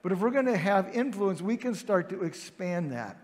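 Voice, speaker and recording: High-voiced preacher in an echoing hall. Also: male voice, lively intonation, moderate pace, darkish tone. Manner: conversational, acts out the scene with quoted voices. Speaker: pastor. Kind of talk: sermon. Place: large hall with heavy reverb. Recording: reverberant hall sound.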